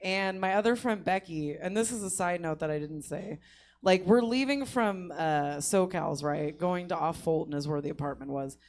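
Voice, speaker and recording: A woman's voice: fairly low pitch, normal speed. Laughing woman telling a wild story. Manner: laughs often while telling, animated voices for quotes. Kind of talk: casual comedic storytelling. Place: comedy theater stage.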